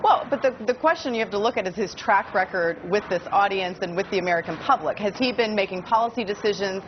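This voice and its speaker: A woman's voice: medium pitch, quick pace. A woman talking earnestly through her argument in a mid-range voice. The broadcast sound is a little dull, with faint noise underneath. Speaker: political commentator guest. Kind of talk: cable news debate.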